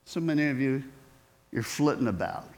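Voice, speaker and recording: A man's voice: mid-range voice, expressive, normal speed. A male preacher giving a sermon in a conversational way, often asking his listeners questions. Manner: conversational, asks the audience questions.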